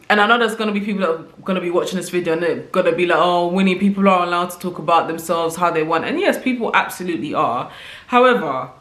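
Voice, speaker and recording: A woman's voice: on the low side, a bit bright, echoey room. A woman vlogger talking casually to camera, reflective and conversational, often checking in with the listener as she thinks aloud. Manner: reflective, conversational, often tags "right?" and "you know". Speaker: vlogger sharing opinions.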